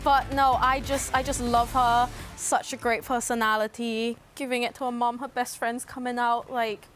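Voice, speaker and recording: Gushing woman, higher voice. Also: flat delivery, moderate pace, faint music behind. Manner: warm, emotional, gushing. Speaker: pundit. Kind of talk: studio panel chat.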